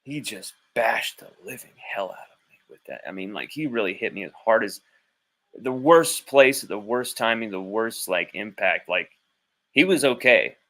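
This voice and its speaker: Bright-voiced, blunt sports podcast host, a man. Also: on the low side, expressive, normal speed. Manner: rambling, blunt, swears casually. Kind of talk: casual livestream commentary. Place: at home with his child nearby.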